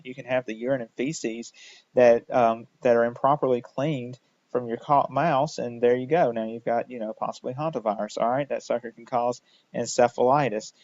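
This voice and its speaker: A man's voice: mid-range voice, a little mellow, no room sound. A man giving a recorded lecture in a casual, jokey way, often checking in with "all right?". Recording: dull lo-fi dry recording.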